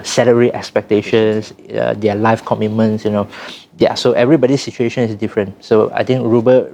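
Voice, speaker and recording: A man's voice: on the low side, gravelly, a little mellow. A man, co-hosting a podcast and explaining careers in a thoughtful way, often restarting his sentences. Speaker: podcast co-host, data science trainer. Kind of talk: casual podcast chat.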